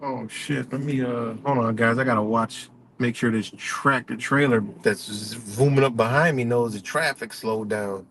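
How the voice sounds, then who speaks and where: A man's voice: mid-range voice, fairly even intonation, normal speed, hardly any pauses, fairly bright tone. A man live streaming while driving, telling a story in a rambling, profane way and laughing often. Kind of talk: casual storytelling. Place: in a moving vehicle on a highway. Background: faint road and vehicle noise.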